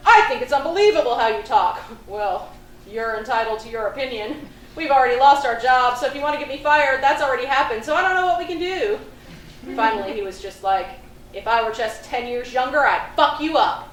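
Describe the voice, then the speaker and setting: A woman's voice: on the high side, lightly acted. A woman playing an ornery male record store manager who swears freely, in a live solo theatre monologue. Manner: casual, blunt, swears freely. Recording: roomy, distant stage recording with faint noise.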